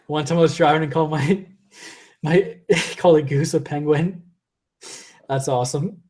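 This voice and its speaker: A man's voice: a little high, unhurried, long pauses, a little mellow. Rambling young man losing his voice. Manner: rambling, self-interrupting, laughs often. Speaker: live-stream host reading viewer chat. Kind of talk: casual live-stream chat.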